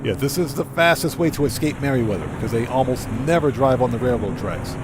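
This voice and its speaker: A man's voice: medium pitch, animated, quick pace, noisy background. A man live-streaming a game, chatting casually, greeting new subscribers and reading viewers' messages aloud. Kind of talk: live gameplay commentary.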